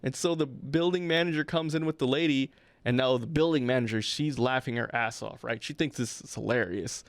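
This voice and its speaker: A man's voice: mid-range voice, brisk, no room sound. Dry-voiced man telling a story. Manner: acts out the people in his stories. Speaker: podcast co-host. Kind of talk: casual anecdote telling.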